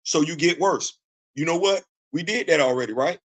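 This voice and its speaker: A man's voice: fairly high pitch, normal speed, a bit bright. A middle-aged American man hosting a show, delivering a heated, blunt political rant. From United States. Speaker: host.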